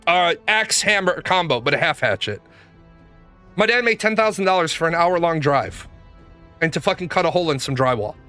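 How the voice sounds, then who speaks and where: A man with a fairly high, bright and forceful voice hosts a casual gaming stream. He talks bluntly, swears freely and rambles through his stories. Faint music plays behind him. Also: animated, a little fast. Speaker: gaming show host. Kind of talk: casual livestream storytelling.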